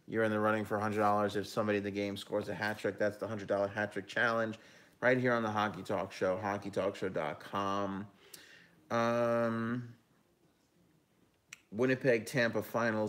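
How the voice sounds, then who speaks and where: This hockey talk show host and analyst speaks at a moderate pace in a fairly low, fairly even voice. On his live stream he chats easily, offers his picks, and reads comments from viewers aloud, with plenty of ums and self-corrections along the way.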